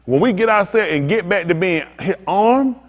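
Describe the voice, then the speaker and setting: A man preaches with fervent, repetitive insistence, hammering home his lines in loose everyday speech. His voice sits fairly high for a man. The sound hangs in a long, echoing hall. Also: lively intonation, normal speed. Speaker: pastor. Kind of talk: sermon.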